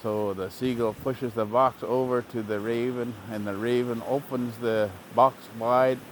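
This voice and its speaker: A male storyteller recounting a traditional tale at an easy middle pitch, with plain, repetitive phrasing and occasional fillers. A faint rumble sits underneath. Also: a little slow. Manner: relaxed, repetitive, plain-spoken. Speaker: language teacher telling a traditional story. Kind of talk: oral storytelling.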